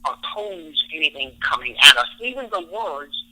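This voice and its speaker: Speaking in a fairly high, sing-song voice at a moderate pace, with a sharp tone and poor audio, a relationship expert sits for a podcast interview. He explains how the brain works through everyday stories from his own experience.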